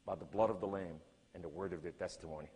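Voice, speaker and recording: A preacher voicing God in a low, solemn, hushed tone. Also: male voice, quick pace, in a large hall, slight background noise, lightly acted.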